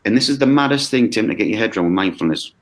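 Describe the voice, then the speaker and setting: A man with a lowish voice, talking over a video call. He explains things in a lively, conversational way, slips into quoted voices and often checks in with "okay?". He sounds like a course leader talking a friend through an idea. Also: very fast. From United Kingdom. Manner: animated, acts out quoted voices, frequent "okay?".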